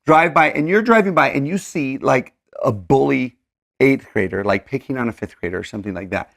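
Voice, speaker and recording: A man co-hosting a casual scripture discussion, animated and acting out the verses in voices. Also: mid-range voice, brisk, creaky. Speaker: co-host of a scripture study show. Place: indoors with a board.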